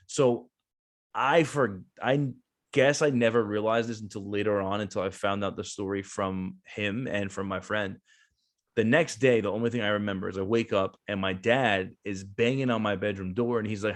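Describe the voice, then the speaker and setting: A man's voice: on the low side, a little fast. A man around thirty, a veteran business owner, telling a long casual story as a guest, with lots of fillers and restarts. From New Jersey.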